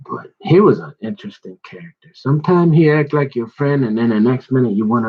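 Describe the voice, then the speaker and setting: A man's voice: mid-range voice, animated, fairly quick, husky, lo-fi sound. A man talking in a loose, slangy, rambling monologue that jumps from one story to the next and keeps restarting his sentences.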